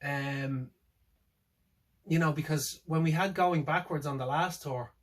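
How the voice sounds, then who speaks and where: A man with a somewhat high-pitched voice chats on his own in a casual reaction video. He rambles and hesitates, restarting sentences and filling gaps with ums. His tone is wry, and he laughs at himself now and then. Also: measured pace, low-quality recording. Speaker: music fan reviewing a tour setlist. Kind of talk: casual solo reaction vlog.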